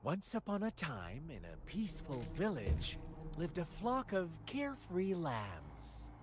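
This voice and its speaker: An actor playing a calm, scheming male storyteller in a game cutscene, with a measured, fable-telling delivery. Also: fairly high pitch. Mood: storytelling. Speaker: game cutscene narrator and character. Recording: game cutscene with music behind.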